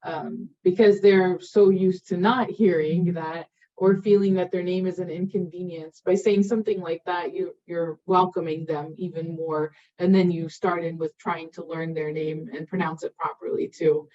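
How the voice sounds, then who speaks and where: Low, mellow woman, lo-fi audio. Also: fairly even intonation, normal speed, hardly any pauses. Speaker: presenter. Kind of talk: webinar panel answer. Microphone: video call. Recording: dull lo-fi audio.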